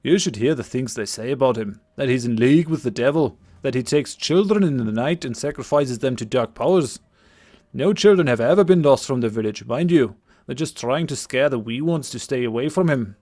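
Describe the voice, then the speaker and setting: A man's voice: medium pitch, lively intonation, brisk, a little mellow, lightly acted. Man putting on a Scottish young apprentice. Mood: anxious. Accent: put-on Scottish. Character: young male apprentice of an old hermit.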